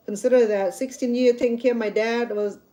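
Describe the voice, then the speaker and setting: Mellow-voiced woman telling a story. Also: on the high side, fairly even intonation, fairly quick, rough recording. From Cambodia. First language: Khmer. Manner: candid and chatty, with frequent restarts. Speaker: cooking channel host. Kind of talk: personal storytelling vlog.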